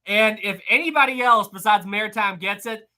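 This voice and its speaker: A man's voice: high-pitched, moderate pace, bright, forceful tone. A young man hosting a live history quiz stream, reading chat aloud, teasing viewers and laughing often.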